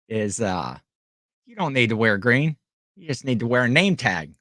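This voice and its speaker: A man's voice: medium pitch, sing-song, a little slow, fairly bright tone, no room sound, clean studio sound. A man hosting a casual livestream, rambling in a friendly way and chatting with his viewers. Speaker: livestream host and online reseller.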